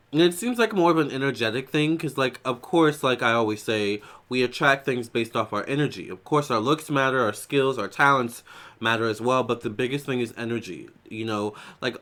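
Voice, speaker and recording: A man's voice: medium pitch, moderate pace. Chatty man doing a tarot reading. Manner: chatty, loose, with many fillers and restarts; prays softly. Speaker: tarot reader. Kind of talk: casual psychic tarot reading.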